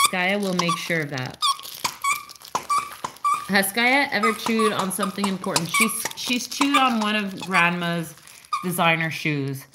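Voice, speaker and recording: Unhurried woman, live-stream host, playful baby-talk with her dog, noisy recording. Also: fairly low pitch, lively intonation.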